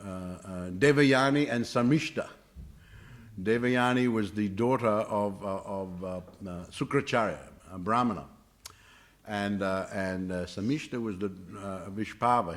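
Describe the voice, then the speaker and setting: A man teaching a scripture class, telling stories with many hesitations and filler sounds. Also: fairly low pitch. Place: temple class room.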